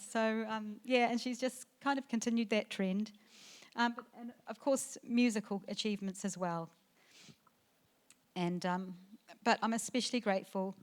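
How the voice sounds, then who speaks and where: A middle-aged woman, the mother of the bride, giving a wedding reception speech into a handheld mic, emotional and halting, with fillers and restarts. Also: fairly high pitch, fairly even intonation. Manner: emotional, tearful at times, laughing through the speech. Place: wedding reception venue, indoors.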